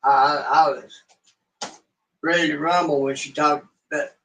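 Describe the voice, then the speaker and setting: A man with a fairly high voice joins a casual live-stream chat as co-host. He jokes and gets fired up quickly. He sounds set back from the microphone. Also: fairly even intonation, fairly bright tone, distant mic, low-quality recording. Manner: joking, quick to get fired up. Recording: heard from away from the mic.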